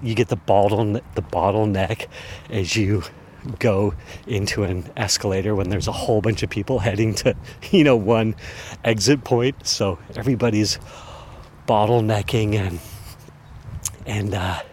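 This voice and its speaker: A man with a fairly low voice spins a casual, animated story for his podcast audience. He chuckles now and then as he talks, with a faint hum of noise behind him. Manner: animated, chuckling anecdote teller. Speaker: podcast host.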